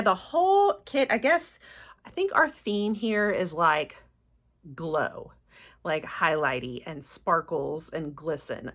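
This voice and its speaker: A woman's voice: on the low side, bright, forceful tone. A woman, chatting casually as a beauty vlogger while unboxing, gushing and exclaiming often.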